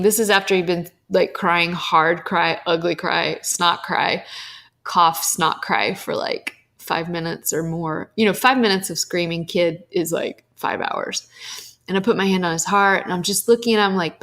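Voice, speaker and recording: A woman's voice: medium pitch, fairly even intonation, unhurried. A young adult woman hosting a podcast, talking candidly and emotionally about spiritual teachings, with casual swearing.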